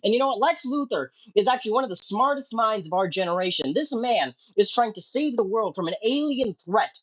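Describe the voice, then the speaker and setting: A man delivering a comedic angry rant as an online commentator, profane and explosive, swinging between low mutters and sudden yelling. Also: animated, fairly quick, dull audio.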